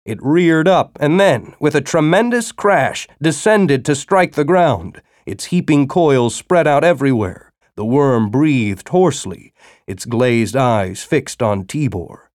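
A man narrating a science-fiction story as an audiobook, with expressive storytelling. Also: mid-range voice, takes it slowly, no room sound, studio quality.

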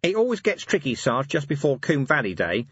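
A man's voice: a little high, sing-song, brisk, a bit bright, slightly rough, no echo, muffled recording, pitched above the performer's own voice, heavily acted. A man voicing an eager, anxious, scruffy young male corporal who speaks in a wide-eyed way.

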